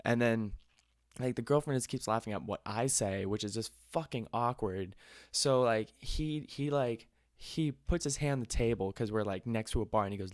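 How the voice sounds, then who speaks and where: A man's voice: medium pitch, normal speed, no echo, clean studio sound. A young man, host of a podcast, telling a rambling, profane story in a casual way.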